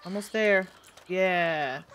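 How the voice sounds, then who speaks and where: A woman's voice: fairly low pitch, takes it slowly, a bit bright, a little hiss or hum. Chatty young woman streaming a game. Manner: chatty, giggly, rambling with restarts. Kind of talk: casual gameplay commentary.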